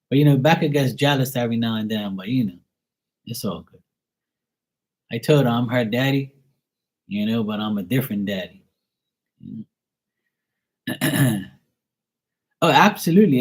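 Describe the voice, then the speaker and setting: A middle-aged man reading tarot on a live stream, chatting casually and bantering playfully with viewers in the chat. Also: medium pitch.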